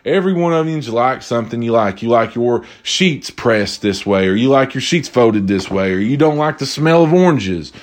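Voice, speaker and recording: A man telling a casual story to viewers, animated and exasperated, rambling and repeating himself. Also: medium pitch, normal speed, hardly any pauses.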